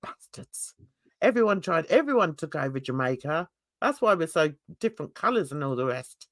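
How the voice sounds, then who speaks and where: Brief: older woman from England, livestream host, animated, laughs often, dry video-call sound. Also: a little fast, no room sound. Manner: animated, laughing, swearing, jumps into high excited squeals. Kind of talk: casual livestream chat.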